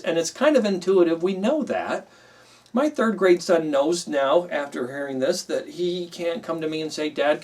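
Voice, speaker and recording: A man's voice: a little high, distant mic. A middle-aged man teaching a Bible class in a conversational way, with frequent fillers and an emphatic voice when he quotes himself. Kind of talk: classroom teaching, explaining with a story.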